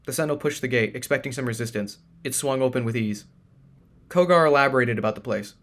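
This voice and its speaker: A man's voice: mid-range voice, fast. Man narrating a fantasy audiobook.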